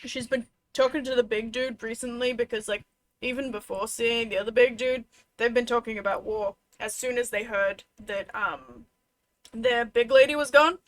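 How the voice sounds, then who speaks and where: A woman's voice: fairly high pitch, fairly even intonation, normal speed, no echo. A woman narrating as game master of a tabletop role-playing game, in a casual way with many fillers.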